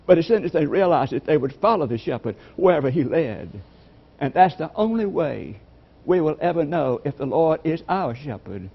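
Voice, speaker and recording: A man delivers a sermon in a measured, reflective manner, pausing over scripture. His voice sits a little high and carries a gravelly fry. The recording is dull and lo-fi. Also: animated. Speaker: preacher.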